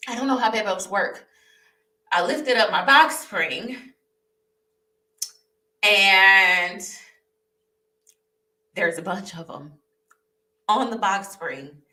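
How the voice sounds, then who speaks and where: A young woman vlogging her personal testimony, telling the story candidly and animatedly, repeating herself and laughing. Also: fairly low pitch. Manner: animated, repetitive, laughing as she recounts. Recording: roomy echo, voice a bit far from the mic.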